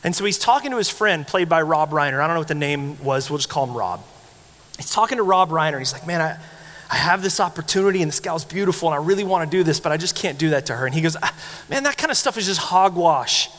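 A man delivers a sermon with a high, bright-toned voice that carries a long reverb, as if filling a large sanctuary. He tells stories animatedly, acting out quoted lines. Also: fast talker. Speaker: pastor.

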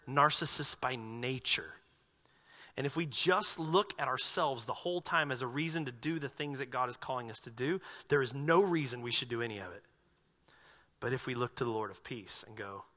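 A man preaching a sermon as pastor of his church, animated and acting out quoted voices. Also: mid-range voice.

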